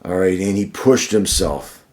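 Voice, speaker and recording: Earnest man giving a slow devotional. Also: low-pitched, a little mellow. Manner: earnest, repetitive, building emphasis through repeated phrases; slow, deliberate delivery with frequent restarts. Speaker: devotional speaker. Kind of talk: short devotional sermon.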